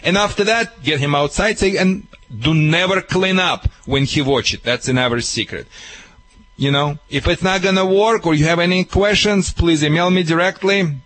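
A man working as a dog trainer who gives advice on call-in radio in broken, non-native English, lively and emphatic. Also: high-pitched, normal speed, low-quality recording.

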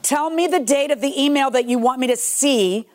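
A woman's voice: high-pitched, moderate pace. A woman judge questioning the parties bluntly and demanding proof. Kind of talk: courtroom ruling.

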